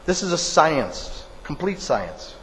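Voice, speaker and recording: A man's voice: fairly high pitch, big pitch swings, slow pace, fairly bright tone, slight background noise. Emphatic male preacher in a reverberant hall. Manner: emphatic, storytelling, repeats phrases for stress. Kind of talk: sermon.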